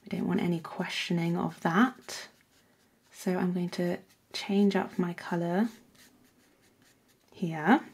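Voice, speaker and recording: A woman hosting a painting tutorial, chatting casually as she works and often dropping into soft whispers. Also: lowish voice, fairly even intonation, slow pace, creaky, long pauses, slightly rough. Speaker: art workshop host.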